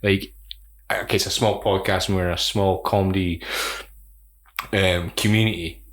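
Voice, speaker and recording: A man's voice: low-pitched, fairly even intonation, moderate pace, a bit bright. A man co-hosting a podcast, rambling with many restarts and fillers in casual chat. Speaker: podcast co-host.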